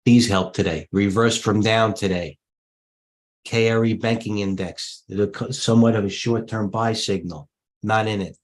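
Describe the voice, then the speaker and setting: A man's voice: lowish voice, fairly even intonation, normal speed. Middle-aged male trading host, brash and blunt, rattles off tickers live to viewers. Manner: blunt, jumpy, talks to viewers directly. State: out of breath. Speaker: stock trading livestream host. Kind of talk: rapid-fire live market commentary.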